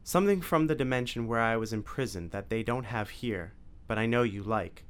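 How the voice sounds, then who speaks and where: A gentle young woman, read by a man. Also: mid-range voice, brisk, smooth, natural voice.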